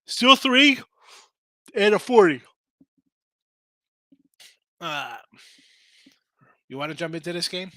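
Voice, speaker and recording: A man's voice: sits high, very animated, takes it slowly, pauses often, bright, forceful tone, dry recording. A man hosting a live sports betting show, tired and losing his voice, chatting casually about point spreads and answering viewers in the chat.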